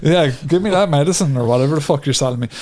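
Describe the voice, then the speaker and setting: A man's voice: on the high side, rapid-fire, darkish tone. A man co-hosting a podcast, telling rambling stories in casual chat, swearing freely and laughing often. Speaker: podcast co-host.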